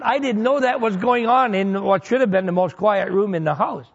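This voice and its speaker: A man's voice: high-pitched, fairly quick, dull audio. A pastor preaching a sermon, telling homely stories with humor to make his points. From Michigan. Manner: folksy storytelling with humor.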